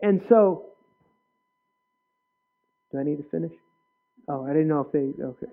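A male preacher giving an earnest personal testimony in a sermon, with sudden loud bursts. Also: on the high side, moderate pace, gravelly. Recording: tinny phone-like sound.

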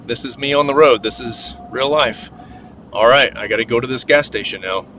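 A man's voice: mid-range voice, normal speed. A man hosting an unscripted solo podcast from his car on the road, rambling, venting and swearing freely. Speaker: podcast host. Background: faint vehicle noise.

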